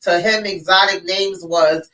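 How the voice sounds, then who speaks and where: Congested woman host, animated casual recap, mic slightly distant. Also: on the low side, a little slow. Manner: animated, laughing, plays quotes. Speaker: host of a movie recap show. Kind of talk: casual movie recap chat.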